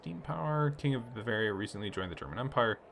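A man hosting a relaxed let's play, reading story text aloud and chatting about his choices. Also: medium pitch, fast, vocal fry, a little hiss or hum. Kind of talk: casual gameplay commentary reading game text aloud.

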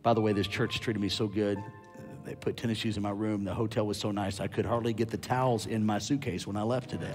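A man preaching a sermon as a guest preacher, animated and loud at his peaks, with quick asides to the crowd. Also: lowish voice, music in the background.

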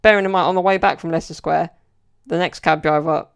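A man's voice: fairly high pitch, steady tone, quick pace, vocal fry, a bit bright, clear, resonant tone. A young man telling stories in a casual solo podcast, rambling and chatty with lots of "like" and "you know". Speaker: podcast host.

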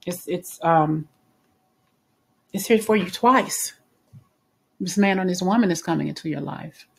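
A woman's voice: fairly low pitch, a little slow, vocal fry, slightly rough. A woman giving a casual spoken tarot reading in a chatty, reassuring way, with frequent fillers and restarts. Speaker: tarot reader.

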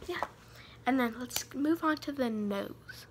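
A woman's voice: fairly high pitch, expressive, slow, slight background noise. A teenage girl giving rambling, self-mocking advice in a casual vlog, giddy from too much sugar. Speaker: vlogger.

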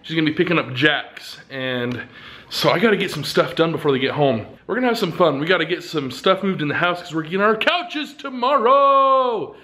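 A man's voice: on the high side, animated, brisk, pushed and bright. A young man and father chatting casually in a family vlog, laid-back and joking, at home and in the backyard. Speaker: vlogger, father.

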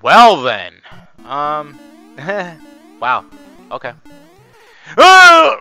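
A slightly hoarse young man hosts his gameplay channel, chatting excitedly to his viewers and cursing freely. His voice is bright and pushed, leaping up and down in pitch. Faint game music plays behind him. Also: measured pace. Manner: excitable, chatty, talks to viewers as y'all, swears. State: hoarse from screaming. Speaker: gaming channel host. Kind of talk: live gameplay commentary.

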